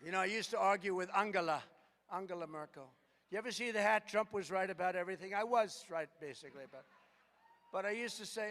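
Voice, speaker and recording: A man's voice: sits high, quick pace, a bit bright. An older man giving a rambling, repetitive campaign rally speech with sarcastic asides. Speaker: political speaker at a rally. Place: large hangar rally venue. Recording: echoey hall from a distance.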